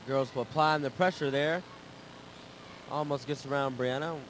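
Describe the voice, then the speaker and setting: A young man calling a high school girls basketball game, jokey and growing excited on big plays. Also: moderate pace, slight background noise, poor audio. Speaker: play-by-play commentator. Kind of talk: sports commentary.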